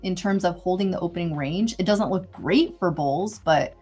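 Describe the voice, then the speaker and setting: A woman's voice: fairly low pitch, normal speed, mellow, soft background music. A woman hosting a live trading stream, thinking aloud about the market in a chatty, easygoing way. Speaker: host trader. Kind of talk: casual live trading commentary.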